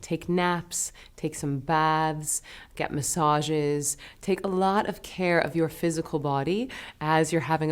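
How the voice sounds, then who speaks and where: A woman teaching a meditation lesson, talking in a gentle, soothing, unhurried way. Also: low voice, fairly even intonation, clear, resonant tone.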